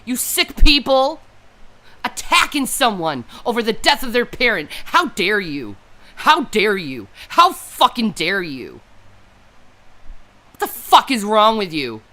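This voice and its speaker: A grieving, upset woman rants furiously and profanely on an unscripted livestream, often repeating herself and sounding near tears. Her mid-range voice is sing-song, slow, pushed and bright.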